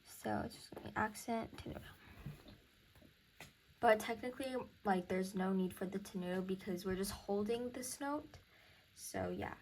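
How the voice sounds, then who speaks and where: A woman's voice: mid-range voice, moderate pace, long pauses, a little hiss or hum. A young woman teaching music theory in a casual recorded lesson, thinking aloud and counting beats.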